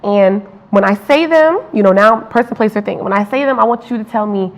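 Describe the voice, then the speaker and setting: A woman interviewing a guest in casual conversation, encouraging and quick to affirm what he says. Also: mid-range voice. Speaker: student interviewer. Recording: dull lo-fi recording.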